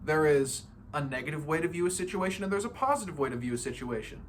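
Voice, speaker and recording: With a voice on the high side, lively intonation, and a quick pace, a spiritual self-help speaker delivers a light, playful talk on feeling good. He laughs often and voices other people as he goes. The recording carries a little hiss or hum.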